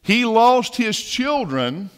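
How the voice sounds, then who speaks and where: High-voiced preacher in a reverberant church. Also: male voice, big pitch swings, slow pace, smooth. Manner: storytelling preacher, asks the congregation questions. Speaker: pastor. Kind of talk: sermon. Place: church sanctuary. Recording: long reverb of a church hall.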